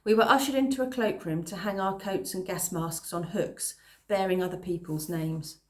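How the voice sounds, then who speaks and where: A woman reading a children's novel aloud at a calm pace, pausing now and then to explain a phrase. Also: on the low side. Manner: calm, pauses to explain words. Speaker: reader.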